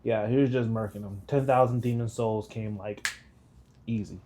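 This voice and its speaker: A man hosting an anime reaction video in casual chat, joking and rambling, breaking into high laughs. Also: steady tone, normal speed, warm tone, a little hiss or hum. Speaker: reaction channel host.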